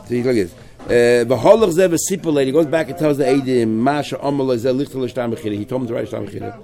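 A man leads a Talmud study class at a fast clip. He reads terms and lines in the original and explains them in English, voicing each party in the case as he goes. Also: medium pitch, gravelly, a little mellow. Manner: rapid, mixing Hebrew-Aramaic terms with English, quotes lines. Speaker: Talmud teacher.

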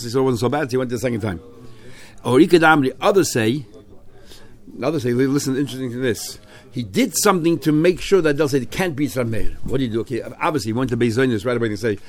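A man teaching a Talmud class, translating line by line and retelling the story with lively, restarting delivery. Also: medium pitch. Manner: animated storytelling with frequent restarts.

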